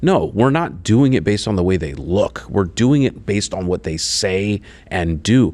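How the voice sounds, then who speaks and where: Blunt low-voiced male guest. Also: lively intonation, measured pace, a little mellow, no echo. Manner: blunt, joking, swears. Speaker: lawyer guest. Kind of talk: political commentary chat.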